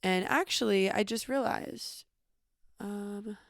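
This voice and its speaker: A woman's voice: mid-range voice, slow, no room sound, clean studio sound. A young woman telling a personal travel story in a casual, chatty way, full of fillers. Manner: chatty, many "like" fillers, animated retelling. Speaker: podcast host.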